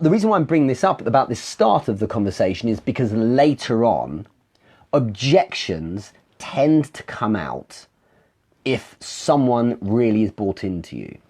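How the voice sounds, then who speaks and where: A man's voice: mid-range voice, dark tone. A man hosting a live sales Q&A, coaching in a conversational way, explaining with examples and restarting phrases as he goes. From England.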